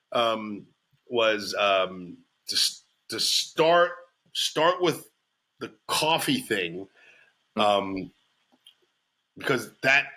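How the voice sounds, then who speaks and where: A man co-hosting a comedy podcast in casual chat, quickly agreeing, laughing and stammering into restarts. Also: medium pitch, bright, forceful tone.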